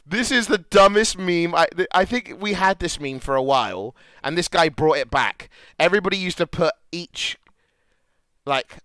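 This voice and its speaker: A young British man streams and reacts to posts in crude, casual chat, laughing loudly and muttering while he reads. His voice is on the high side, clear and resonant, animated at a normal speed, and the recording is dry.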